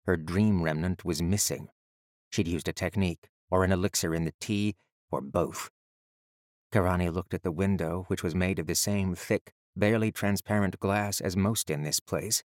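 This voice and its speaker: Male audiobook narrator, steady, measured, low-pitched, dry studio sound. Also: no room sound.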